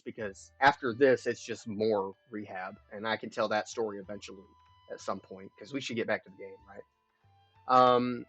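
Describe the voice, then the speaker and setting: A man's voice: medium pitch, a bit bright, dry recording. A young man live streaming, telling a long personal story in a rambling, profane, frank way. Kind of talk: casual storytelling chat. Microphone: streaming mic. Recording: dull lo-fi stream audio.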